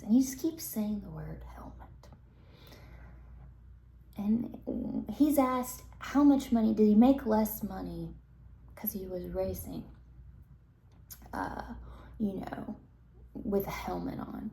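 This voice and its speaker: A woman telling a rambling story, halting, full of fillers and restarts, sometimes dropping into half-whispers. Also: mid-range voice, creaky, darkish tone, slight background noise. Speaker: storyteller recounting a dream. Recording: roomy echo.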